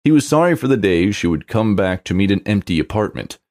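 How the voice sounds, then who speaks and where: Low-voiced man narrating a romance. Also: very animated, fairly quick, a little mellow. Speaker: story narrator. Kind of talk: scripted narration.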